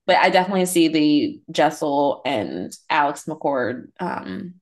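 A young woman co-hosting a podcast, chatting casually with lots of "like" fillers and animated retellings. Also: sits low, a little slow. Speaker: podcast co-host. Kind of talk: casual chat.

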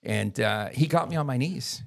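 A man's voice: medium pitch, expressive, normal speed, creaky. Blunt, profane man telling his story. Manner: blunt, profane storyteller who acts out the people he quotes. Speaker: podcast guest. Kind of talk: storytelling in a casual podcast chat.

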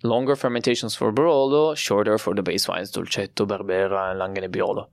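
A young Italian man with an Italian accent, explaining his family's winemaking with pride and frequent pauses. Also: on the low side, steady tone, no echo, clean studio sound. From Italy. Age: young adult. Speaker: winemaker guest. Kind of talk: podcast interview.

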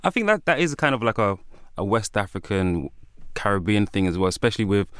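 Brief: easygoing man hosting a podcast, lowish voice, dry studio mic. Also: brisk, clean tone, no echo. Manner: relaxed, easy laughter, supportive. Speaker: podcast host. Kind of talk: casual interview chat.

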